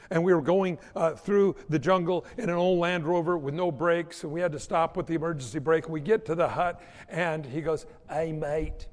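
Man preaching, lively high voice. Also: long reverb tail. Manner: storytelling with quoted voices and asides. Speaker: pastor. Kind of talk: sermon.

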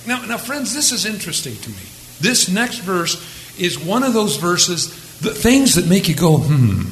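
A man's voice: high-pitched, pushed and bright, reverberant, a little hiss or hum, low-quality recording. A man preaching a conversational sermon to his congregation, rising for dramatic quotes. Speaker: pastor.

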